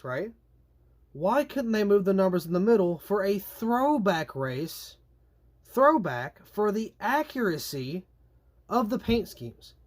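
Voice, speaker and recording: A young man reviewing diecast race cars in a chatty, animated way, with slangy asides and drawn-out complaints. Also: sits high. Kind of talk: casual product review.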